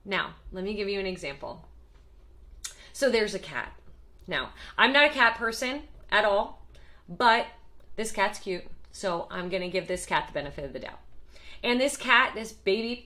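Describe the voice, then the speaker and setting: A woman walks through parenting communication in an emphatic, lively teaching manner. Her voice is bright and forward, and she keeps a steady middle pitch. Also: normal speed. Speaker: parenting educator. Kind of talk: explanatory talk to camera.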